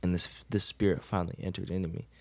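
A man's voice: low-pitched, flat delivery, fast talker. A young man, a podcast guest, telling a personal story in a casual, laid-back way, often laughing and saying "bro".

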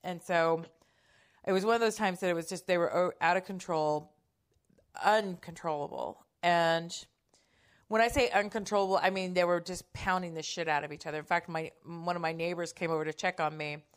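Candid, low-voiced woman telling a story. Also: steady tone, normal speed, clean tone. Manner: candid, swears freely, acts out quotes with raised pitch. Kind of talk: casual personal story.

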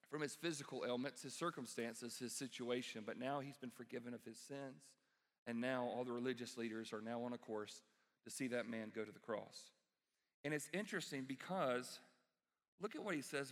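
A man preaching a sermon as pastor, animated and emphatic, acting out the voices of the people he quotes. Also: medium pitch. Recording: reverberant hall.

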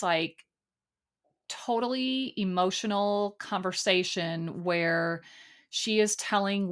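A woman's voice: on the low side, fairly bright tone. A woman talks on her own in a casual recap podcast. She rambles with plenty of fillers. Her frustration keeps breaking through. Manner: chatty, exasperated, full of ums and likes. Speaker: podcast host.

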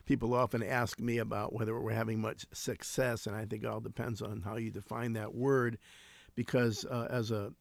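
A man in his sixties, founder of a homeless ministry, tells stories as a guest in a conversational interview. His lowish voice barely moves in pitch, has vocal fry, and comes at a normal speed. He sounds earnest and reflective, restarting often, and the recording is dry.

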